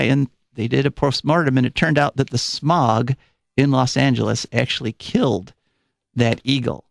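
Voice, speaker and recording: A man's voice: medium pitch, fairly even intonation, moderate pace, creaky, no echo. A man hosting a live call-in radio show, chatty and rambling with fillers, a little out of breath. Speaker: radio host. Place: radio studio. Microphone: studio microphone.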